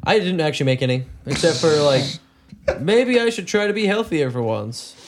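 A man's voice: on the high side, sing-song, normal speed, background noise. A man chatting casually with friends, swearing and enthusing. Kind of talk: casual chat.

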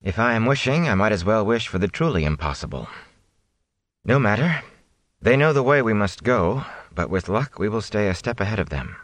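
A man reading an audiobook, voicing a commanding, imperious woman sorceress with slow, haughty speech. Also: lowish voice, big pitch swings, a bit bright, no room sound. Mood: calm, aloof. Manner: slow, measured, haughty delivery. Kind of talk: audiobook character voice.

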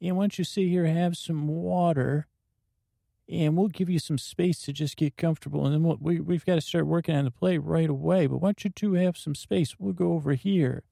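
A man's voice: fairly high pitch, fairly even intonation, moderate pace, gravelly, warm tone, no echo, studio quality, voice pushed up. A man voicing a goofy, eager grown man with a folksy, chirpy manner in an improvised comedy scene. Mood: chirpy host. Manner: folksy, chirpy, says buckaroos and bucko.

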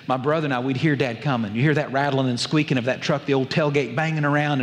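A man, preaching a sermon and telling a family story with animated delivery. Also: medium pitch, fast. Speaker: pastor. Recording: long reverb of a large hall.

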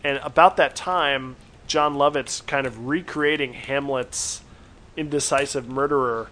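A man's voice: medium pitch, steady tone, bright, forceful tone, a little hiss or hum. A man co-hosting a horror review podcast, casually retelling an episode's plot and acting out the quoted lines. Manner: retells plot with quick asides, acts out quotes. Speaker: podcast co-host. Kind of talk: casual recap chat.

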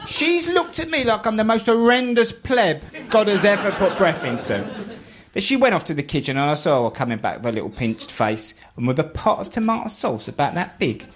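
A host from southeast London with a fairly high, sing-song voice speaks fairly quickly over slight background noise. He tells comic stand-up stories laced with wry, mock-posh asides, then hosts a group chat as crowd laughter sounds behind him.

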